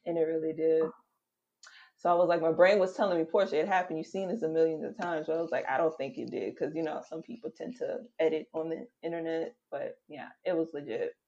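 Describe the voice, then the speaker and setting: A young woman chatting casually with friends, laughing often and telling animated stories. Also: low voice, brisk. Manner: laughing, animated storytelling with mimicked voices. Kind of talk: casual group chat. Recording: dull lo-fi audio.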